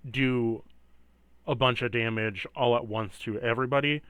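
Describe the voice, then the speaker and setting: Male GM, mid pitch, casual and rambling, dry close mic. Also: steady tone, normal speed, a bit bright, clean tone, no room sound. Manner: rambling, filler-heavy explaining. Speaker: game master. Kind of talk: narrating a tabletop game.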